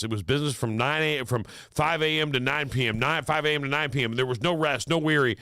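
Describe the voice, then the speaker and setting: A man's voice: mid-range voice, fast, hardly any pauses, pushed and bright, dry recording. A man co-hosting a radio show in casual chat, rambling and restarting his sentences as he makes his point. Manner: rambling, self-interrupting, emphatic.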